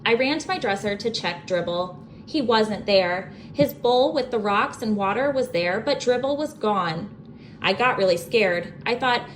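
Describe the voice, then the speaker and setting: A young adult woman reading a children's book aloud as a bedtime story, expressive and animated. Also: medium pitch, moderate pace, slight background noise.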